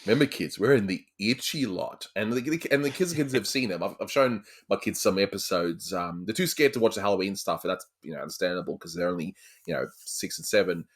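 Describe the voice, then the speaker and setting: A man in his thirties, a father, chatting casually as a podcast guest, halting and repeating words with frequent laughs. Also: low voice, animated.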